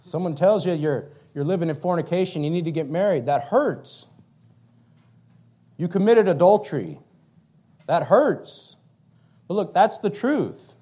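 A pastor preaching a fiery sermon, emphatic and repetitive, swinging between loud declarations and quiet, low passages. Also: male voice, expressive, unhurried, pauses often, slightly rough.

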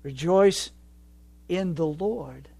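A man preaching a sermon, moving from quiet reflection to loud, fervent exhortation. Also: fairly high pitch, extremely slow, vocal fry, no room sound.

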